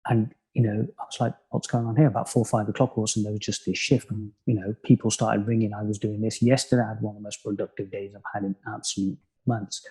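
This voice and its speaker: Direction Calm, husky British-born man musing softly. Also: lowish voice, fast, hardly any pauses. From United Kingdom. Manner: calm, musing, many "you know" fillers. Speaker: spiritual teacher, guest. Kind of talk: reflective conversational podcast talk.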